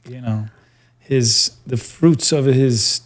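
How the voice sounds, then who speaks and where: A man hosts an interview podcast and talks in a relaxed, conversational way. His voice sits at an ordinary middle pitch for a man. He follows his guest closely and asks questions. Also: takes it slowly. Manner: attentive, with frequent short backchannels. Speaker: podcast host.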